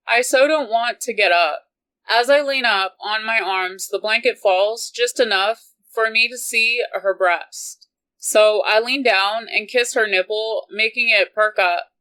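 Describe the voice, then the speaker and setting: A woman reading a romance novel aloud in an unhurried, even manner. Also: mid-range voice, poor audio. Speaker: audiobook reader.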